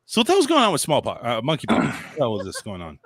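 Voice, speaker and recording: A man's voice: mid-range voice, huge pitch swings, very fast, fairly bright tone, slightly rough, no room sound. A man hosting a call-in talk show, reading memes aloud and joking with a crude, profane streak. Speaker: radio show host. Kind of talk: casual call-in show banter.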